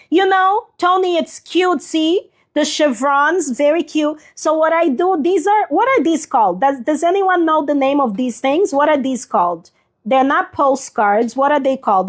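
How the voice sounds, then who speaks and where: Woman, high voice, casual livestream host, chatty, slightly sniffly, talks to viewers by name. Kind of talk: casual live craft demonstration.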